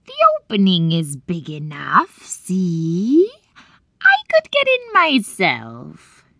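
A woman narrator puts on a cunning old witch from a storybook. She drags her words out in a breathy, scornful half-whisper that swoops up and down, recorded dry and close. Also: fairly low pitch, huge pitch swings, slow, bright, forceful tone, no room sound, heavily acted. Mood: coaxing. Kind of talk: audiobook character voice.

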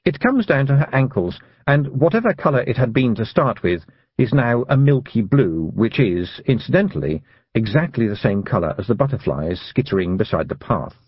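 A man narrating an audiobook for young readers in a lively, expressive reading style. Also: medium pitch, moderate pace, slightly rough, no echo, highs cut off. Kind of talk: scripted storybook narration.

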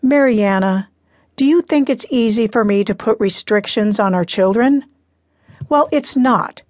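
A woman's voice: a little high, unhurried, darkish tone, dry recording, natural voice. A woman narrator voicing a stern, firm middle-aged father in an audiobook, speaking insistently. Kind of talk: audiobook character reading.

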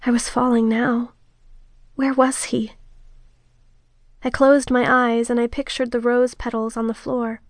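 A woman narrating a romance audiobook in the first person, with a steady, intimate delivery. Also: fairly high pitch, moderate pace, hardly any pauses, no echo, studio quality.

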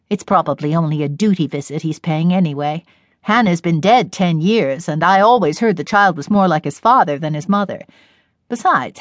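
Woman voicing a haughty middle-aged mother, brisk and disparaging, dry close sound, storybook figure. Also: fairly low pitch, no echo, close to an everyday voice.

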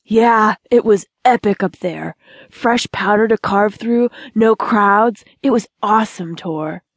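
A woman reading an audiobook voices a relaxed young male snowboarder with an easygoing, friendly manner. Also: mid-range voice, a little slow, slightly rough, dry recording, clean studio sound. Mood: excited.

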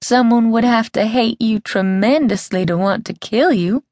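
Brisk no-nonsense sister, voiced by a female narrator; dry close recording. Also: on the high side, darkish tone, no room sound, pitched above the performer's own voice, natural voice. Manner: brisk, firm.

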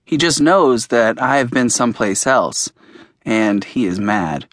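A man's voice: mid-range voice, expressive, a little slow, dry recording, clean studio sound. A man narrating an audiobook in the first person, in a plain, earnest storytelling manner.

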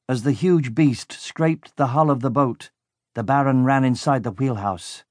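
A man narrating a children's audiobook in a lively, expressive way. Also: medium pitch, a little slow, no room sound, studio quality.

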